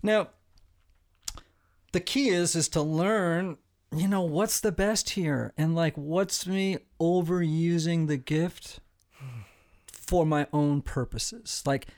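A man's voice: fairly high pitch, slow pace, a little mellow. A man hosting a casual panel discussion, explaining ideas with energy and often checking in with "right?". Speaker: podcast host.

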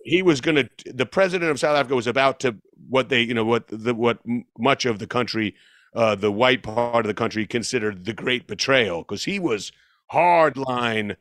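A man's voice: medium pitch, moderate pace, a bit bright, dry recording, studio quality. A man in his fifties telling a long story in casual conversation, rambling and correcting himself, laughing as he goes. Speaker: guest musician.

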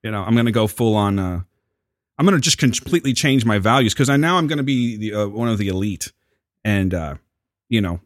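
A man's voice: lowish voice, lively intonation, fairly quick, no echo, studio quality. A man co-hosting a podcast in casual chat, bantering with boastful, joking asides. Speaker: podcast co-host.

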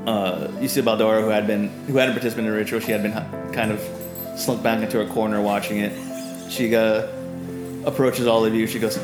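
A man's voice: fairly low pitch, fairly even intonation, a little fast. A man running a tabletop game as game master, narrating in a rambling way with many fillers. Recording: roomy sound with music behind.

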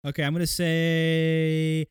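A man's voice: a little high, completely flat delivery, slow, clear, resonant tone, no room sound, clean studio sound. A young man co-hosting a casual podcast chat, emphatic and jokey, swearing freely. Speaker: podcast co-host.

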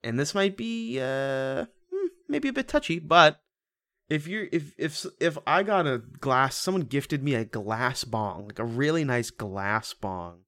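A man's voice: mid-range voice, fairly bright tone, no echo, clean studio sound. A man co-hosting a podcast, joking crudely and rambling with lots of restarts. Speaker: podcast co-host. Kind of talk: casual podcast chat.

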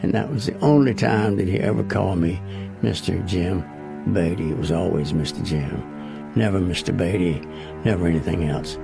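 A man recounting a personal story in a casual, deliberate way, acting out the other voices in the dialogue. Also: sits low, gravelly, over music. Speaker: interviewee recounting events.

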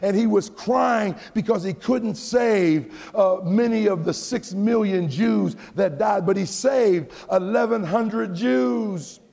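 High, gravelly American preacher in a hall. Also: male voice, takes it slowly, hardly any pauses. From United States. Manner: preaching cadence that swells into shouted, half-sung peaks. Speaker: pastor. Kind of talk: sermon. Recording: long hall reverb.

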